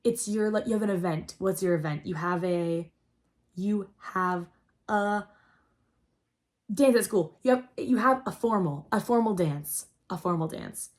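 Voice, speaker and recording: A young adult woman hosting a casual storytelling chat, rambling and excitable, saying "like" constantly. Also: mid-range voice, measured pace. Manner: rambling and excitable, heavy use of "like". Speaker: host.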